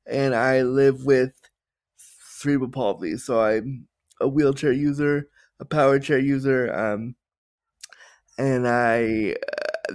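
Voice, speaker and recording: A man in his thirties from Canada, answering interview questions in an earnest, halting way with restarts. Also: mid-range voice, steady tone, darkish tone, clean tone. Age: 30s. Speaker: guest, disability consultant.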